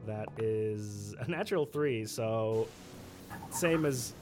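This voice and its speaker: A man's voice: on the low side, music in the background. Game master: man, apologetic, laughing. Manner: apologetic, laughs often, slows for narration. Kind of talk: running a tabletop game online. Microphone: streaming setup.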